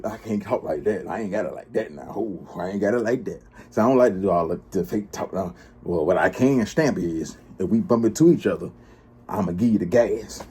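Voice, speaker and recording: A man hosts a casual livestream, trash-talking and laughing often. His voice is low and dark with a husky edge. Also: animated, brisk. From Charlotte, US. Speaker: blogger and livestream host.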